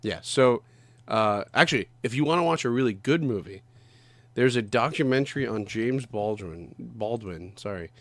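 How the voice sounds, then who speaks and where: A man's voice: medium pitch, normal speed, dry recording. Podcast co-host, male, loose rambling chatter with frequent swearing, dry close sound. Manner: rambling, swears often, loses names. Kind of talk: casual chat.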